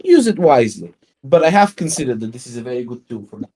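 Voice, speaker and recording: A man's voice: medium pitch, sing-song, quick pace, mellow, slightly rough. A man, a guest on a livestream, ranting in a profane and sarcastic way in casual chat over a video call mic.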